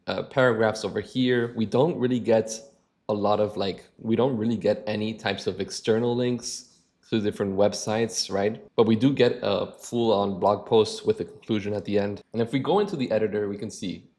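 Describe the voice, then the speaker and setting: Low-voiced man hosting a software tutorial. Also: moderate pace. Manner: relaxed, with frequent restarts and filler phrases. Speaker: channel host. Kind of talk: casual screen-share tutorial.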